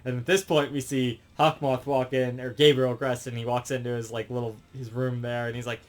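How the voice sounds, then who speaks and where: A man's voice: mid-range voice, little pitch movement. Rambling male reviewer. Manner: rambling, halting, with many fillers and restarts.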